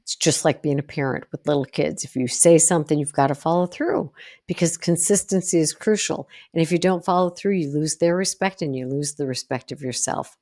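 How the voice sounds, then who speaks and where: Low-voiced woman psychologist coaching listeners. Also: fairly quick, dark tone. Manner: emphatic, acts out example dialogues, punctuates with "boom". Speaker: psychologist podcast host. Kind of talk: instructional solo podcast.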